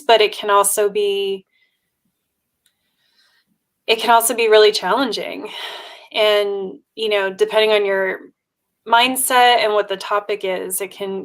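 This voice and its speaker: A woman hosting a podcast, talking through her feelings in a thoughtful, halting way during a casual chat. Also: mid-range voice. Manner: thoughtful, reflective, speaks in halting phrases. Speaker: podcast host.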